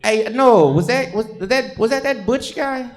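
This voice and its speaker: A man's voice: extremely high pitch, unhurried. A man doing profane stand-up crowd work on a comedy stage, teasing audience members.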